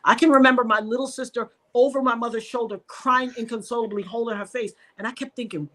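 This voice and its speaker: This podcast guest from New York talks fast and barely pauses while sharing an emotional story from her life. She acts out each person's lines in a lively way, her pitch leaping sharply as she switches voices.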